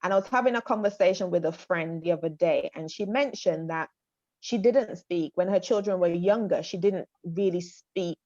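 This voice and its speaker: A woman with a low voice moderates a panel over a video call. Her delivery is measured and agreeable. The sound is dry and a bit dull, like lo-fi call audio. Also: dark tone, no echo. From Montserrat. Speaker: panel host.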